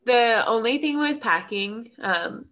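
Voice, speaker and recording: A giggly woman chatting casually as a podcast co-host, her talk full of "like" and quick laughs. Her nose is stuffy, which gives her a blocked sound throughout. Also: a little high, lively intonation, a bit bright. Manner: chatty, giggly, uses "like" often. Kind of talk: casual chat.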